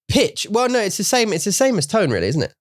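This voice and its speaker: A man's voice: high-pitched, huge pitch swings, fast talker, no echo, clean studio sound. A man, a native English speaker, co-hosting a casual bilingual podcast, playful and jokey, stumbling over his words. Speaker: podcast co-host.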